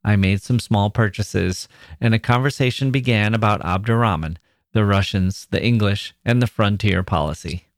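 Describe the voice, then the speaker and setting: A man, a podcast host, reading a classic short story aloud in a measured storytelling manner. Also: lowish voice, no room sound, studio quality. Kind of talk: literary reading.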